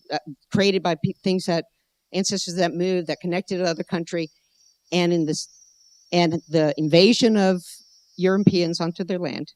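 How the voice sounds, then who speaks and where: A middle-aged American anthropologist gives a conference talk indoors at a gallery venue, her voice lowish and a little mellow with no room sound. She tells a digressive story and often searches for her words.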